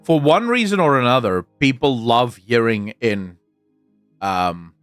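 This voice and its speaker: A man's voice: medium pitch, lively intonation, a little slow, clear, resonant tone, no room sound. Guy rambling to his stream chat, opinionated, dry close sound, bit of music under it. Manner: rambling, opinionated, frequent restarts. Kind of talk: casual livestream chat.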